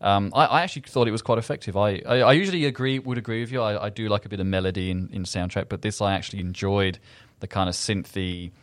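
A man chatting casually in a film review podcast, quick and self-interrupting. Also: lowish voice, no room sound.

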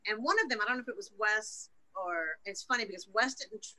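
A woman's voice: mid-range voice, fast, bright, forceful tone, slight background noise, rough recording. A woman guest in an interview, recounting a personal story frankly, emotionally and with plenty of swearing. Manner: frank and profane, emotional retelling.

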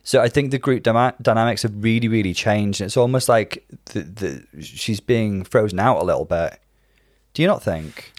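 A man co-hosting a casual chat, analytical and measured, laying out his points in detail. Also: fairly low pitch, no room sound, clean studio sound. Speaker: podcast co-host.

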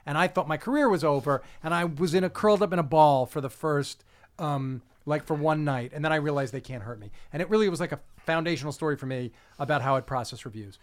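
A man with a slightly raised voice hosts a relaxed interview. He asks questions eagerly and plainly, with the odd swear word. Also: a little high, fast. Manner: eager, frank, swears freely. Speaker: interview host. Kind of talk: casual interview.

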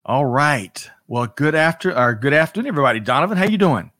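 A man's voice: on the high side, big pitch swings, quick pace, fairly bright tone, no echo, clean studio sound. A man hosting a live talk show, greeting viewers by name in an upbeat way with a few stumbles. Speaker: host.

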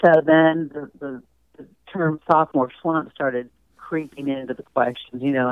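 A chatty woman recounting her past in an easygoing interview voice. Her voice is smooth and clear despite the thin, phone-like line. The sound is dry and close, with no room around it. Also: deep voice, steady tone, normal speed, dry recording. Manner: chatty, warm storyteller, laughs easily. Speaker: interview guest, former golf champion. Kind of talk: conversational interview storytelling.

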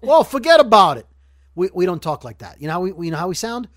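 A man's voice: sits high, big pitch swings, rapid-fire, dry recording, clean studio sound. A man from Brooklyn hosting a podcast in casual chat, rambling and joking as he corrects himself. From Brooklyn, New York. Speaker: podcast host.

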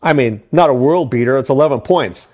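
A middle-aged man with a mid-range voice works through fantasy football picks as an analyst, speaking animatedly with quick asides and repeated words.

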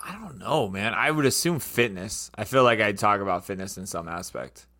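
A young man on a casual podcast chat, talking haltingly and trailing off with lots of hesitation. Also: on the low side, lively intonation, sharp tone. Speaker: podcast co-host.

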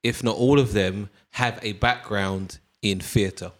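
Male host, lowish voice, loose sweary banter with lots of ums. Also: steady tone, slow. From Britain. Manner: rambling, sweary, many ums. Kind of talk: casual chat.

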